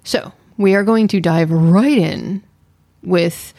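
A woman's voice: lowish voice, takes it slowly, dark tone, no echo, studio quality. A woman co-hosting a podcast, chatting casually and with playful insistence as she reviews a series. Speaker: podcast co-host.

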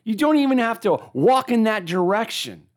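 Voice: mid-range voice, very animated, normal speed, close to an everyday voice. A preacher voicing a humble Roman army officer who pleads earnestly, in a plain everyday voice.

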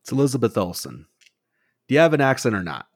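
A man's voice: mid-range voice, big pitch swings, fast, a little hiss or hum. A man co-hosting a casual podcast, laid-back and wry in his remarks. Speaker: podcast co-host.

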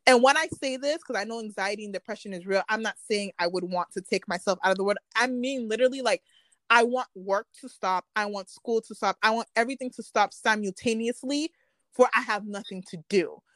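A woman's voice: mid-range voice, brisk, fairly bright tone, no echo. Young woman telling candid stories. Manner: candid, emotional storytelling with quoted dialogue. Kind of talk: casual chat.

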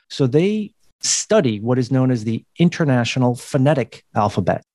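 A man's voice: medium pitch, a little mellow, no room sound, studio quality. A man from the United States, a communication coach, explaining things in a podcast interview with occasional laughs.

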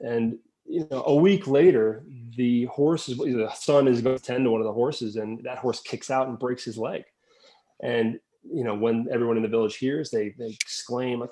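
A man's voice: medium pitch, normal speed, mellow. Easygoing male storyteller, mid-range voice, casual podcast delivery. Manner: easygoing storyteller, many fillers.

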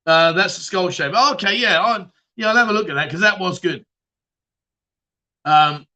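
Bright-voiced joking man. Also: high-pitched. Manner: chatty, joking, swears, laughs often. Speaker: livestream chat show host. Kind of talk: casual livestream chat reading viewer comments.

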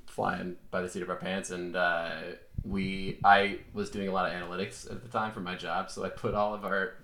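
Lower-voiced man in a roomy space. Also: level tone, moderate pace, a bit bright, slight background noise. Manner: laughing, self-mocking storytelling. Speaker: podcast guest. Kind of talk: casual podcast chat.

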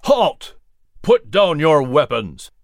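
Picture a stern young colonel in a storybook audio tale, as a man reads him, with clipped, firm orders. The voice sits at a middle pitch and sounds dry and close, with no room around it. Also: sing-song, unhurried, dry recording. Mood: commanding. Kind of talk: storybook reading.

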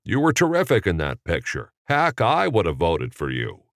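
A man's voice: sits low, wildly swooping pitch, moderate pace, no echo, clean studio sound, exaggerated voice. A man voicing a folksy, drawling middle-aged movie star with a hesitant manner. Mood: genial. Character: Jimmy Stewart impression, folksy stammering middle-aged man.

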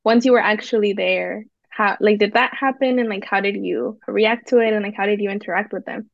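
A woman's voice: mid-range voice, fairly even intonation, fairly quick, gravelly, no room sound. A woman interviewer asking loose, casual questions full of fillers. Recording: dull lo-fi recording.

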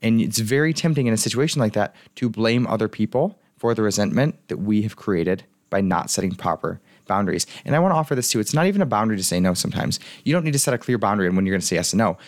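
A man's voice: on the low side, animated, rapid-fire, few pauses, no echo, clean studio sound. A man speaking as a life coach in a frank, chatty motivational monologue, telling stories from his own life.

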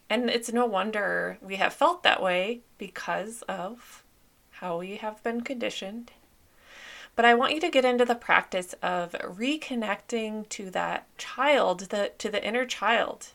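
A woman speaks slowly and gently, leading listeners through a guided reflection. Her pitch sits in an ordinary middle range, and she pauses softly and drifts into casual fillers. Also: vocal fry. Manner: gentle, soothing, unhurried with soft pauses; conversational with fillers like "like". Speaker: podcast host. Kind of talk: guided reflection, podcast monologue.

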